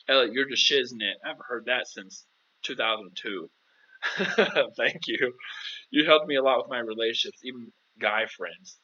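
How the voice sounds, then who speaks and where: A man's voice: medium pitch, normal speed, bright, forceful tone, lo-fi sound. A man hosting a casual live-stream Q&A as a dating coach, chatty and playful, calling viewers "girl".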